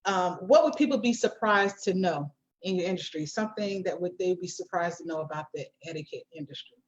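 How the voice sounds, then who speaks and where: A woman's voice: on the low side, brisk. A woman hosting a casual interview, enthusiastic and affirming, with lots of agreement. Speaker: host. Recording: dull lo-fi audio.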